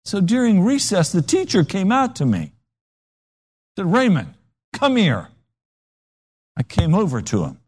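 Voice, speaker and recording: A man's voice: high voice, huge pitch swings, moderate pace, darkish tone, husky. A man preaching a sermon with dramatic, emphatic storytelling.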